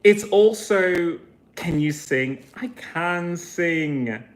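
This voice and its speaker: Slow, rambling, profane vlogger. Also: mid-range voice. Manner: profane, meandering, self-questioning. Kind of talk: casual rambling monologue.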